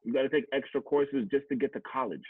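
A man's voice: mid-range voice, fast, husky, no room sound. A man from Canada telling personal stories in a blunt, emphatic way, swearing and repeating words for stress. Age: adult, past teachers college. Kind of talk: candid conversational storytelling. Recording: tinny phone-like sound, dry.

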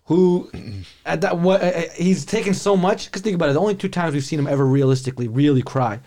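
Male podcast co-host, quick-talking, slightly high, loose and animated storyteller. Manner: animated storytelling with restarts and swearing. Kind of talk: casual chat.

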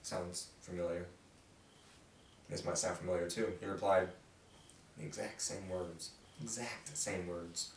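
Low-voiced man leading a roomy Bible talk. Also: fairly even intonation, measured pace, long pauses. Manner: loose and conversational, reads scripture aloud then stops to ask the group questions. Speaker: Bible study leader. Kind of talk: casual Bible study discussion. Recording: roomy and distant from the mic.

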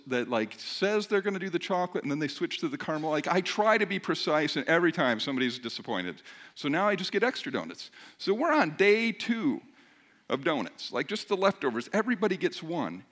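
A middle-aged male pastor telling a funny personal story in a sermon, animated and self-mocking, joking with his congregation. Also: sits high.

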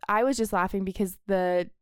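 A woman's voice: medium pitch, steady tone, brisk, clear, resonant tone, dry recording. A woman co-hosting a podcast, chatting casually with a rambling, filler-heavy way of talking. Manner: rambling, lots of "like", laughs easily. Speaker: podcast co-host. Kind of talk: casual chat.

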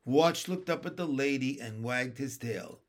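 A man reading a children's book aloud in a steady, clear storytelling manner. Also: medium pitch, a little slow. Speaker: reader.

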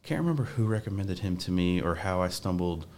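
A man's voice: low-pitched, animated, fairly quick, darkish tone, slight background noise. A young man, a podcast guest, talking casually in a rambling way with many restarts. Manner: rambling, restarts often, says like a lot.

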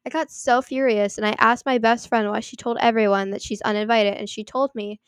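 A young woman reading online posts aloud and adding chatty commentary, full of "like" and quick apologies for her slips. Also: a little high, steady tone, smooth, no room sound, clean studio sound. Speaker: story reader and commentator.

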